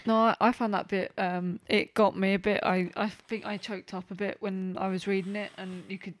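Flat-toned, earnest woman. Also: medium pitch, moderate pace, no room sound. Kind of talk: casual comics discussion.

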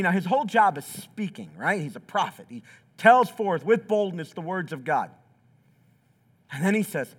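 A man's voice: sits high, sing-song, normal speed, a bit bright, slightly rough. A pastor preaching a sermon in a church, acting out quotes with big swings in his voice. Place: church sanctuary.

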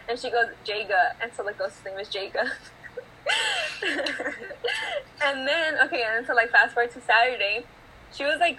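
A woman's voice: a little high, bright, forceful tone, slight background noise, low-quality recording. A teenage girl hosting her podcast, telling a story in a rambling way, filling it with "like". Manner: rambling, filler-heavy storytelling full of "like". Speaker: podcast host. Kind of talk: casual chat, storytelling.

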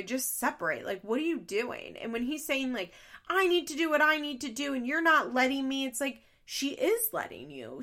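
A woman's voice: a little high, bright, forceful tone. A woman hosting a podcast, recapping reality TV in casual, blunt, exasperated talk full of swearing. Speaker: podcast host.

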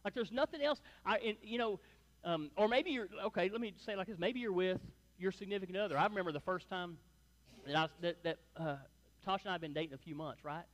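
A middle-aged male pastor delivers a Sunday sermon to his congregation. His voice sits high and light. He talks loosely and informally, peppering his points with little asides to the room. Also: quick pace, big-room sound. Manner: conversational, folksy, tag questions like "right?" and "man". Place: church sanctuary before a congregation.

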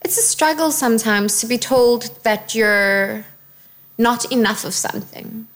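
A woman's voice: fairly high pitch, measured pace, fairly bright tone. A South African woman, an actress and guest, openly telling her life story in an interview in a reflective way. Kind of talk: candid personal interview.

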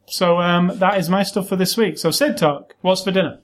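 A man co-hosting a podcast in relaxed, rambling, joking casual chat. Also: high voice, moderate pace. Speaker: podcast co-host.

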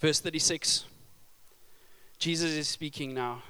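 A man, preaching a sermon with humorous stories and loud emphasis. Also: a little high, a little slow. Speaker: pastor.

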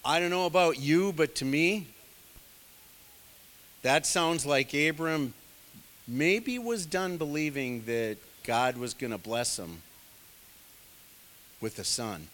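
Male pastor, slightly high bright voice, chatty sermon with frequent asides. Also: slow, pauses often. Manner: conversational preaching with many asides.

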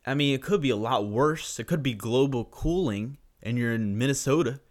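A man's voice: mid-range voice, moderate pace. A young man ranting profanely and sarcastically through a solo podcast monologue.

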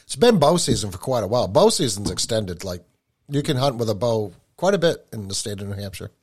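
A man's voice: on the low side, very animated, brisk, husky. A man from New England hosting a podcast, chatting in an easygoing way. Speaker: podcast host. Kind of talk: casual chat.

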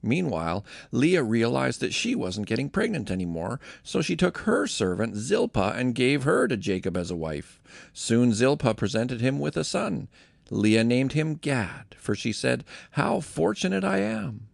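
Male reader, heavy vocal fry, lively delivery, dry close sound, scripture reading. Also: medium pitch, unhurried, no room sound. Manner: lively, expressive storytelling. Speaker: Bible reader.

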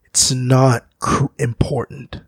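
Man, musician guest. Gravelly, husky voice, dry close sound, slow and reflective. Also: mid-range voice, little pitch movement, no room sound. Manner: slow, searching, philosophical, often restarts. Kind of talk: reflective conversation.

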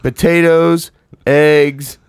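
A man co-hosting a casual podcast chat, rambling in a relaxed way and laughing along with his co-host. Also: on the high side, very slow, smooth, no echo.

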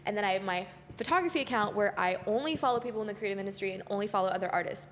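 A woman's voice: mid-range voice, very fast, long reverb tail, a little hiss or hum. A young woman, a podcast co-host and photographer, chatting casually and animatedly, acting out the people she quotes. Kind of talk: casual chat.

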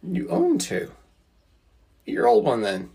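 A man's voice: on the high side, huge pitch swings, slow, creaky, warm tone, slightly rough. A man co-hosting a podcast in casual chat, blunt, argumentative and freely profane.

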